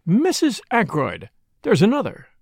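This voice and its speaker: A man voicing a brisk, gossipy middle-aged spinster sister who speaks in a complacent, self-important, knowing way. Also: high-pitched, huge pitch swings, creaky, no echo, clean studio sound, pitched above the performer's own voice, exaggerated voice. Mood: self-satisfied. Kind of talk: audiobook character voice.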